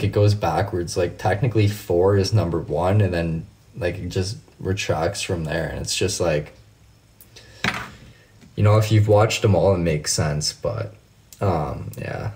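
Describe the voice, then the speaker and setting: Low-voiced man chatting on a live stream. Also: darkish tone, a little hiss or hum. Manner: profane, laid-back storytelling, answers chat by name. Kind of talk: casual live stream chat.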